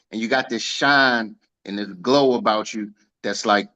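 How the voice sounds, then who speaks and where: A man hosting a motivational sales team call on a video meeting, energetic and folksy, full of homespun comparisons. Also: medium pitch, measured pace, dull audio.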